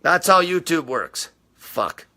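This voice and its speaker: A man with a high, piercing, tense voice rants on a live stream, answering viewers bluntly and combatively. He swears almost constantly and talks in an aggressive, no-nonsense way. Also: sing-song, takes it slowly, pushed and bright. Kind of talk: unscripted live rant.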